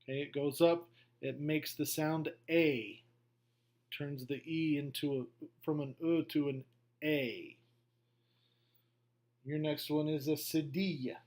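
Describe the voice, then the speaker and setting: A middle-aged man teaching a beginner language lesson, going slowly through a worksheet, patient and repetitive with frequent okays. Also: fairly high pitch, fairly even intonation, darkish tone. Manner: slow, patient, repeats himself with many okays. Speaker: French teacher. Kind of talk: classroom lesson walkthrough.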